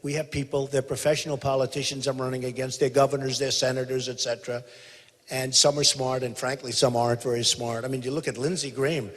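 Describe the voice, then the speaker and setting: A man's voice: medium pitch, level tone, fast. A man giving a rally speech as a presidential candidate, talking emphatically, repeating himself and boasting. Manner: emphatic, repetitive, boastful, quotes others in a mimicking voice. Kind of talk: rally speech in conversation onstage. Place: large theater hall. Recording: reverberant theater hall.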